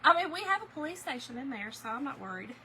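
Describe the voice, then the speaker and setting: Chatty high-voiced woman. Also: fast talker, a little hiss or hum, rough recording. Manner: chatty, animated storytelling, addresses viewers as y'all and girl. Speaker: crafting livestream host. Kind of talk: casual chat while crafting, reading viewer comments.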